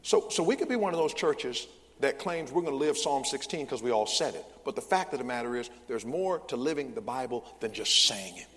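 A male pastor preaching a sermon, leading the congregation in call-and-response with loud, emphatic bursts. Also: medium pitch, lively intonation, brisk. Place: large church sanctuary. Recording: long church hall reverb.

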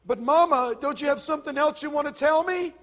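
A man doing a sobbing young son, shouting high. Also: fairly quick. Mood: pleading. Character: grieving young son, pleading desperately.

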